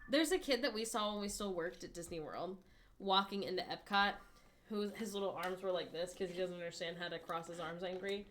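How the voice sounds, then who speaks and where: A woman's voice: on the low side, a little fast, fairly bright tone, soft background music. A woman co-hosting a casual stream, telling anecdotes with dry humour. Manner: chatty anecdote-teller, dry jokes. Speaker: co-host.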